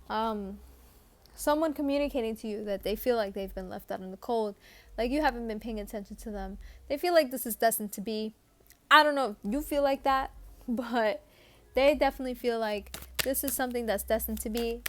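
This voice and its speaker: A woman's voice: a little high, moderate pace. A woman giving a casual tarot reading in a chatty way, full of fillers and restarts. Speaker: tarot reader.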